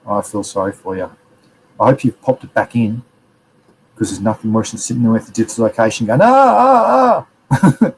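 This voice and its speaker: A man's voice: lowish voice, creaky, a little mellow, a little hiss or hum, rough recording. An Australian man hosting a live show, chatting casually and rambling with slang. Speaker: host. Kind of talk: casual live-stream chat, reading chat messages.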